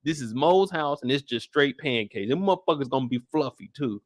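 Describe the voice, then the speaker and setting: A young man giving a casual live recap of a TV episode, talking in animated, slangy, profane banter. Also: medium pitch, a little fast, no echo. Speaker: show recap host.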